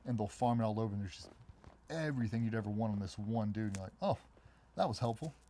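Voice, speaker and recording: A middle-aged man, a former special operations member, telling stories in a casual interview and acting out other people's voices in a much higher pitch. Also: a little hiss or hum. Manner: fast, animated storytelling, acts out quoted voices much higher. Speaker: guest, former Navy SEAL.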